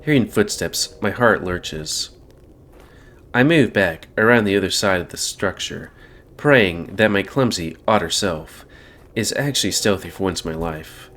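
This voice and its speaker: Man, let's-play host, narrating a visual novel, wry asides, lowish voice. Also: expressive, measured pace, fairly bright tone. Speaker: gaming channel host.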